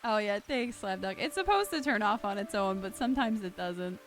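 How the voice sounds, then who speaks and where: A young woman streaming a video game live, chatting casually to her viewers with excitable, loud outbursts. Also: mid-range voice, normal speed, a little hiss or hum. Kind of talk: casual live-stream chat while gaming. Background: game music.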